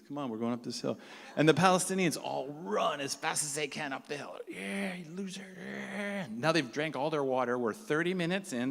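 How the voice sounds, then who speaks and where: A man telling a personal story to a live audience, acting out the voices of the people in it. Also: a little high. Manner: animated, acts out the people he quotes. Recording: long hall reverb.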